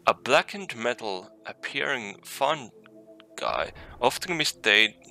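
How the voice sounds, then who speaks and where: A man's voice: medium pitch, big pitch swings, slow, creaky, sharp tone, faint music behind. A man giving casual commentary on a game he is playing, swearing often, making frustrated outbursts and reading item text aloud. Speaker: let's play gamer.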